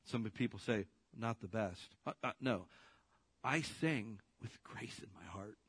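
A man's voice: on the low side, animated, unhurried, a bit bright, husky, no room sound. A man preaching a sermon in a casual, direct way, putting rhetorical questions to his listeners.

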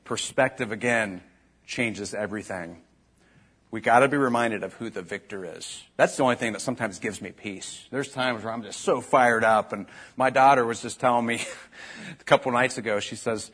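Husky-voiced man preaching. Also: medium pitch, moderate pace, a bit bright. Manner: conversational preaching, rising to emphatic bursts. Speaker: pastor. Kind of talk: sermon.

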